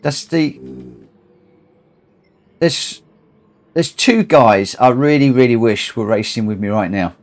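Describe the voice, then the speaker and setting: A man's voice: mid-range voice, slow, long pauses. Tired, emotional man streaming. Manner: emotional, rambling, repeats himself. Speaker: livestream host. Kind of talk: casual livestream chat over gaming.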